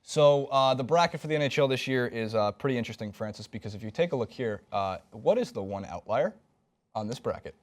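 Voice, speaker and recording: A man co-hosting a casual sports chat, talking quickly and loosely with plenty of fillers. His voice sits at an ordinary middle pitch. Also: lively intonation. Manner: loose and joking, many fillers. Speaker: sports show co-host.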